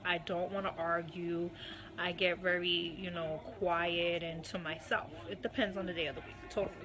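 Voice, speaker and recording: A woman giving a candid personal account as a guest, unhurried and full of "um" and "you know". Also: on the low side. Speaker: guest recounting her marriage.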